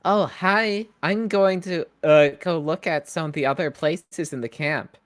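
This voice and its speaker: A man's voice: on the high side, measured pace, dry recording, pitched above the performer's own voice, close to an everyday voice. A man voicing a perky teenage girl at a summer camp, in a chirpy, breezy manner.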